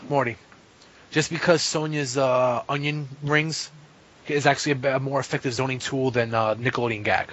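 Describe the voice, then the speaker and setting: A man's voice: medium pitch, fairly even intonation, normal speed, a bit bright. A man breaking down fighting game matchups in loose casual talk, full of fillers and swearing. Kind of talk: casual podcast chat. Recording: muffled lo-fi podcast audio.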